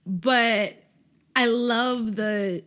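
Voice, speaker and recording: A woman's voice: fairly high pitch, extremely slow. Laughing woman recapping a TV episode. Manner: animated, laughs often, acts out characters' lines. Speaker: podcast co-host. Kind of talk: casual TV recap chat.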